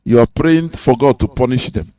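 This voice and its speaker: A man's voice: mid-range voice, normal speed, mellow. A man giving an impassioned, preachy radio talk full of rhetorical questions. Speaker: radio host.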